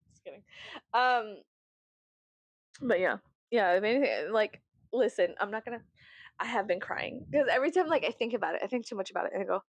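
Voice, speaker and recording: A woman's voice: mid-range voice, no echo. A woman vlogger chatting casually, swearing often, breaking into laughter and theatrical outbursts. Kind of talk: casual chat.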